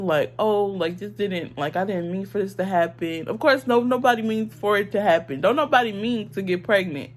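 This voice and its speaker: A young woman vlogging her opinions in casual, earnest talk, emotional and full of "like" and "um". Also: medium pitch.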